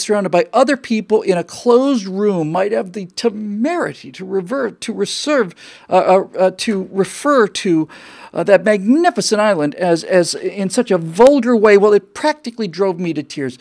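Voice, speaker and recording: A man's voice: high-pitched, vocal fry, darkish tone. A man from the United States hosting a show, giving a rambling, sardonic political commentary monologue. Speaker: show host.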